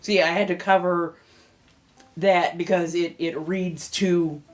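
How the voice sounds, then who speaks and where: Californian woman, livestream host, lowish voice, rambling and chatty, faint music behind. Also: steady tone, a little slow. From California, United States. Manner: rambling, chatty, greets viewers warmly as they arrive. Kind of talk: casual livestream chat.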